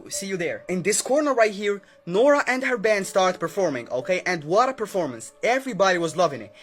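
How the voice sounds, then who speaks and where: A man casually narrating a story to viewers, chatty and filling pauses with "okay?" and "right?". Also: high voice, sing-song, soft background music. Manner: chatty, keeps adding "okay?" and "right?", acts out quotes. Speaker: storyteller host.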